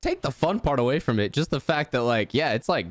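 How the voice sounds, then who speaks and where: A man's voice: mid-range voice, big pitch swings, a little fast, no room sound. A young man hosting a podcast in casual chat, laid-back, laughing easily and swearing freely. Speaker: podcast host.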